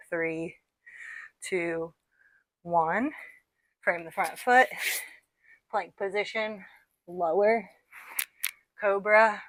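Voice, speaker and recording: A woman's voice: fairly low pitch, fairly bright tone, no room sound. A woman leading a guided workout, counting out reps and encouraging her class while a little out of breath. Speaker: fitness instructor.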